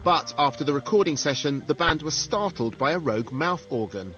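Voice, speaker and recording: A man's voice: on the high side, animated, a little fast. Wry male TV documentary narrator. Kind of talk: scripted voice-over narration. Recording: dull TV audio under loud music. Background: music.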